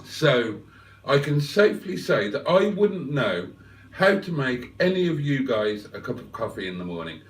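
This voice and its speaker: A man's voice: medium pitch, sing-song, moderate pace, echoey room, recorded from a distance, a little hiss or hum. A man hosting a live stream, chatting casually with viewers and rambling with fillers and asides. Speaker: livestream host. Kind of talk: casual live chat reading viewer comments.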